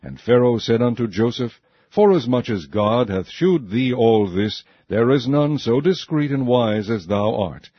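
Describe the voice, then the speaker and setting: A man reading scripture aloud in a measured, solemn way. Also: mid-range voice, lively intonation, husky. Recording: dull, muffled sound.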